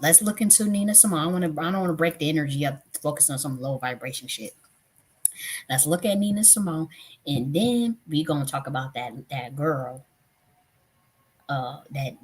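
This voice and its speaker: A woman's voice: low-pitched, a bit bright, slightly rough. A woman in her thirties hosting a tarot live stream, talking casually and bluntly with profanity, often getting worked up. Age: 30s.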